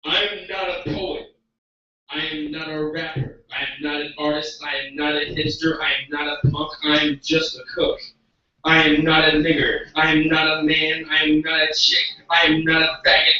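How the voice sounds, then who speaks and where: A man, hosting an open mic and performing a chanted spoken word poem at a live event. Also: on the high side. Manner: hyped, loud shouting between chants. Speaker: open mic host and poet. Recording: echoey room, distant mic, muffled.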